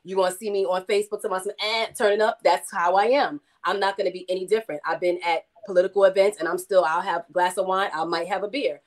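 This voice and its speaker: A woman's voice: medium pitch, steady tone, quick pace, few pauses. A woman with a New York accent, speaking outspokenly and confidently as a panelist. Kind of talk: casual panel discussion.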